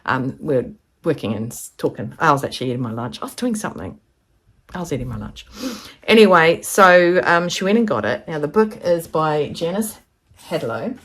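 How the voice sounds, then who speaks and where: A woman vlogger chats casually to camera, rambling through a story and acting out quoted voices. Her voice sits low with big pitch swings at a moderate pace, and there's a little hiss or hum in the recording.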